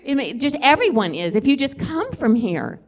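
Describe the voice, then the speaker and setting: A woman's voice: high-pitched, sing-song, moderate pace. A middle-aged woman works a comedy club stage. Her stand-up set rambles from story to story in a self-deprecating way. She keeps turning to chat with the crowd. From Southwest Louisiana.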